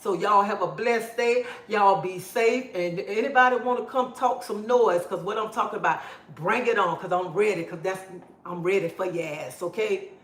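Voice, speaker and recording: Woman, blunt preachy livestream rant, mid pitch, roomy phone sound. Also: normal speed. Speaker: livestream host.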